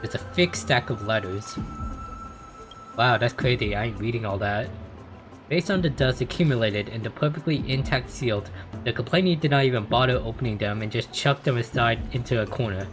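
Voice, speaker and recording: A young man with a mid-pitched voice reads game text aloud in a flat, casual way and breaks off with blunt, swearing reactions. Game music plays clearly behind him. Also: moderate pace. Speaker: gamer playing through a story. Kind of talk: let's play commentary, reading game text aloud.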